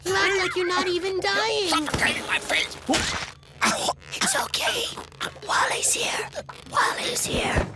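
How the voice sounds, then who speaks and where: A man's voice: extremely high pitch, steady tone, takes it slowly, vocal fry, long pauses, in a whisper, loud music behind the voice, full character voice. An actor playing a sappy, overly emotional young male space monkey, talking in a tearful, doting, overdramatic way. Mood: tender sappy.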